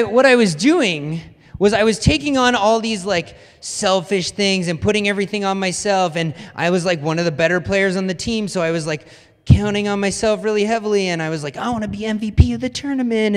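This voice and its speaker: Young-adult ministry pastor, male, higher-pitched voice, loose and self-mocking storytelling, long hall reverb. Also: normal speed. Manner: chatty, self-deprecating storytelling with many "like"s. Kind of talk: casual conversational sermon. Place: church hall.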